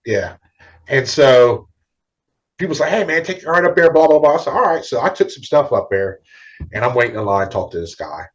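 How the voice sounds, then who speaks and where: Animated storytelling man, comic artist guest. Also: mid-range voice, a little fast. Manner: animated, acts out other people's lines. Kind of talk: casual storytelling interview.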